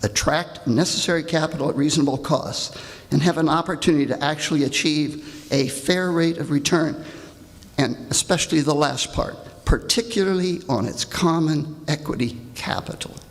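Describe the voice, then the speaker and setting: An older man with a gravelly voice, reading a pointed, indignant prepared comment at a public hearing. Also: a little high, moderate pace. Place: large hall. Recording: reverberant hall.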